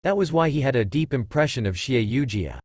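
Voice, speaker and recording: Guy narrating a novel audiobook, synthetic, even steady read, mid pitch, dry close sound. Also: a little fast, no echo.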